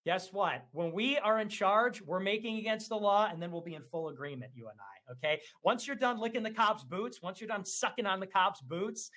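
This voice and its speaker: A man with a high, bright voice that swings widely in pitch. He taunts and mocks in a heated livestream argument, swearing freely. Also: lively intonation, a little fast, hardly any pauses. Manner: mocking, taunting, profane. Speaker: livestream debater.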